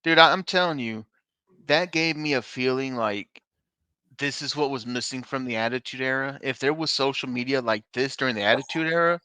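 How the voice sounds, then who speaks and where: A man's voice: medium pitch, fairly quick, bright, forceful tone, smooth, no room sound. A man co-hosting a casual podcast, laughing often and telling jokes in funny voices. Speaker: podcast co-host. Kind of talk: casual chat.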